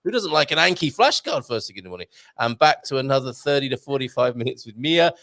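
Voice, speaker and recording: Chatty English host reading viewer questions. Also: male voice, mid-range voice, sing-song, fast, fairly bright tone, no room sound, studio quality. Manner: chatty, reads out viewer messages, jokey. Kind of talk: casual live Q&A hosting.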